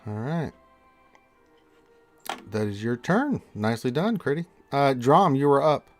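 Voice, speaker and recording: A man serves as dungeon master, calling out hits and misses in a joking, teasing manner. Soft background music plays under his voice. His voice sits at an average pitch for a man. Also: sing-song, measured pace. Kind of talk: running a tabletop game online.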